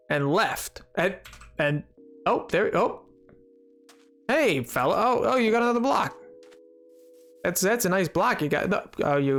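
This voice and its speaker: Streamer, playful chatty game commentary, very lively pitch swings, slow unhurried delivery. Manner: playful, chatty, self-mocking. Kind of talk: casual live gameplay commentary to chat.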